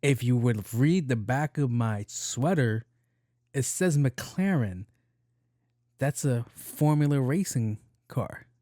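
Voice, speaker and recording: A man's voice: mid-range voice, slow, dry recording. A man with a middle-range voice recounts a workplace mishap as a podcast host, swearing freely and acting out every exchange. The sound is dry and close, with no room around it. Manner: profane, animated storyteller who acts out dialogue. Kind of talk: casual comedic storytelling.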